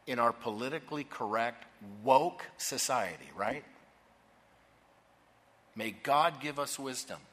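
A man preaching a sermon in a forceful, bright voice that rings through a large hall with a long reverb. He drives his points home with emphasis and keeps asking the congregation to finish his phrases. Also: mid-range voice, husky. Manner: emphatic, asks the congregation to fill in words.

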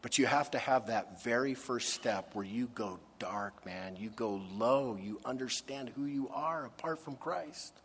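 Male preacher, mid-pitched, emphatic sermon delivery with long reverb of a large hall. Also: a bit bright, slight background noise. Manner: earnest, emphatic preaching with dramatic pauses.

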